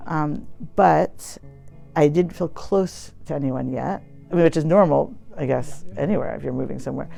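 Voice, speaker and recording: A woman's voice: deep voice, normal speed, vocal fry, mellow, faint music behind. An American woman, a poet and academic, telling a personal story in a chatty, reflective way with many fillers. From United States.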